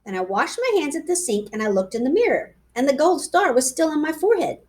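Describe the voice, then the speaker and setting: A woman reads a children's storybook aloud, bouncing through the lines in a bright, high voice. Her pitch leaps and dips playfully as she gives the tale a childlike energy. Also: fast talker. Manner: lively, playful child's-voice narration. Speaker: reader.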